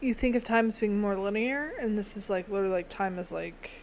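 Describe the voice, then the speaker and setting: A young adult woman co-hosting a podcast in relaxed, playful casual chat, echoing her partner's words back. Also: medium pitch, brisk, slight background noise. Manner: relaxed, playful, echoes her co-host's phrases. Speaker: podcast co-host.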